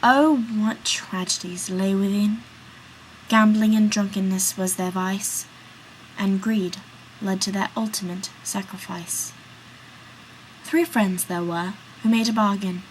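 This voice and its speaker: Woman narrating a story summary, slow and steady. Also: medium pitch, slight background noise, poor audio. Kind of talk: read-aloud story summary.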